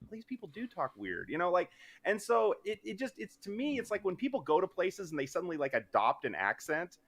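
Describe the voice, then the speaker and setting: A man from Idaho talks about his novel as a podcast guest. He speaks quickly, with lots of rise and fall in his voice. He rambles, cuts himself off and laughs easily. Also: sits high, very animated, a bit bright. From Idaho, USA. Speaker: guest author. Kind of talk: casual podcast interview.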